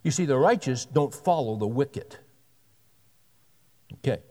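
A man in his sixties delivers a sermon in a relaxed, folksy way. He reads scripture with rising emphasis and drops in wry, joking asides. His voice carries a long reverb, as if he is filling a large hall. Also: medium pitch, unhurried, long pauses. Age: 60s. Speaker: pastor.

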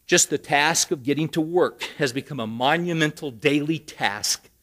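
A man's voice: on the high side, normal speed, fairly bright tone. A man preaching a sermon, telling a story with rising emphasis and dry humor. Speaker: pastor.

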